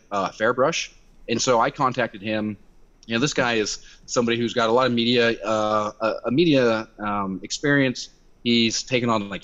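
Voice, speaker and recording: A young man tells a story over a video call, animated and swearing freely. He speaks at a middle pitch, and the call audio comes through dull and lo-fi. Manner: animated, swearing, acts out quotes by raising his voice. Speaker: activist guest.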